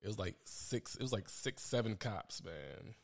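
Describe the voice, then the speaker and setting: A lower-pitched man chatting on a podcast. He tells stories in a loose, slangy, laid-back way. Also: lively intonation, moderate pace, creaky. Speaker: podcast co-host. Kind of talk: casual chat.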